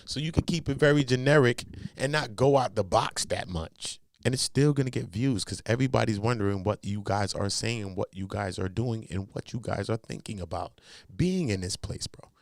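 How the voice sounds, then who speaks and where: With a creaky voice, a Los Angeles accent and a moderate pace, a man jokes in heavy street slang through casual, animated commentary, then gets low and serious when explaining. There's no room sound.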